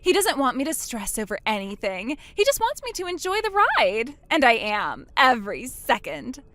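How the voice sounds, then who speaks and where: A woman's voice: fairly high pitch, wildly swooping pitch, moderate pace, a bit bright, no echo. A woman voicing a gloating, cruel younger sister in a text-message story, taunting in a sing-song way.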